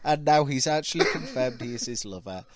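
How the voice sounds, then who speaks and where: Teasing man with quick interjections. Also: medium pitch, expressive. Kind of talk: casual chat.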